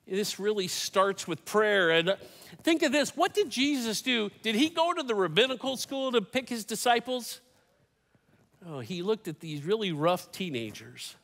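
A man's voice: sits high, very animated, normal speed, a bit bright, long reverb tail. A man in his fifties, a pastor giving a sermon in a church, telling stories with folksy, humorous asides. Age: 50s. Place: church sanctuary.

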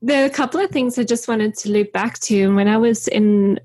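A woman co-host speaking in a relaxed, chatty, conversational way. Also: a little high, a little fast, no echo, studio quality. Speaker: podcast co-host. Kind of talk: conversational chat.

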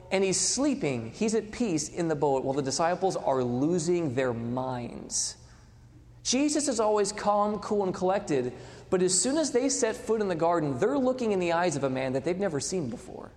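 Male preacher, animated delivery, swings loud to hushed; long hall reverb. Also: on the high side. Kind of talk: sermon.

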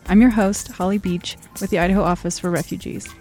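A woman's voice: fairly low pitch, fairly even intonation, quick pace, darkish tone, faint music behind. A woman hosting a podcast, reading a scripted introduction and then interviewing her guest attentively. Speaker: podcast host.

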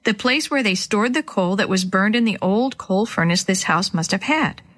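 A woman's voice: medium pitch, expressive, moderate pace, a bit bright. Lady doing a scared little girl from a storybook, timid but brave, talking to herself. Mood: worried, hopeful. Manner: timid, talking herself through her fear.

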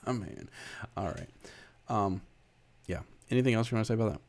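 A man's voice: fairly low pitch, brisk, vocal fry, darkish tone. A man co-hosting a casual podcast chat, swearing freely and ranting about films. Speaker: podcast co-host.

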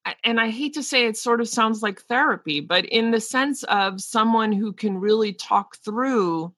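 Frank, talkative woman with a bright voice. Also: on the high side, normal speed, no echo. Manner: frank and talkative, with many restarts. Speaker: podcast co-host and teacher. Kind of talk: casual podcast discussion.

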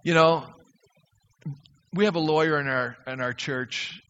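An older male pastor delivers an earnest, emphatic sermon, his voice high for a man and bright. The sound is dull and lo-fi, with long reverb rolling around the hall. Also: unhurried, smooth. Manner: earnest, emphatic preaching that rises to fervent prayer. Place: church sanctuary.

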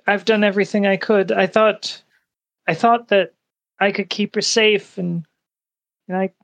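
A man voicing a grieving middle-aged father who is crying and speaks in halting restarts. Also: on the high side, creaky, pushed and bright, full character voice. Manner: tearful, breaking, halting restarts.

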